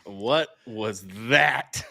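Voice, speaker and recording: A man's voice: mid-range voice, drawn-out words, vocal fry, pushed and bright, no room sound, clean studio sound. A man co-commentating live darts in a laid-back way, urging viewers to share the stream.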